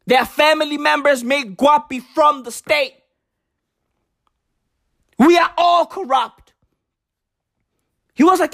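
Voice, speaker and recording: A comedian with a South African accent, delivering a profane, shouty sarcastic rant full of "bruv". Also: sits high, slow pace, gravelly, pauses often.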